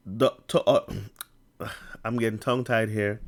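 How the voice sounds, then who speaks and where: A man vlogging casually to camera with a stutter and a lisp. He reads an article aloud in a halting way, with many restarts and tongue-tied slips. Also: on the low side, steady tone.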